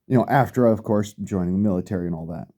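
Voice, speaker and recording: A man's voice: on the low side, fast talker, mellow. A middle-aged man speaking bluntly in a profane rant, swearing heavily and repeating himself for emphasis. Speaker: vlogger.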